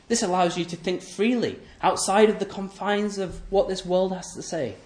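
A male preacher with a slightly high voice delivers an emphatic sermon. He repeats key phrases, poses rhetorical questions, and lets his sentences fall away low and soft. The room around him is echoey. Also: fairly even intonation, moderate pace, few pauses. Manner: voice often drops low and soft at the end of phrases.

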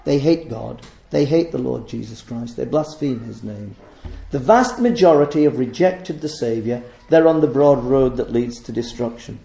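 A man's voice: mid-range voice, lively intonation, normal speed, creaky, few pauses, warm tone, echoey room. A man preaching a sermon in a church, speaking emphatically and repeating phrases for stress.

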